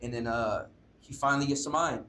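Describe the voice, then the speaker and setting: A young musician, appearing as a guest in a casual interview, rambles through a story packed with fillers and swearing. His mid-range voice is fairly quick, bright and forceful, with a slight hiss or hum in the audio.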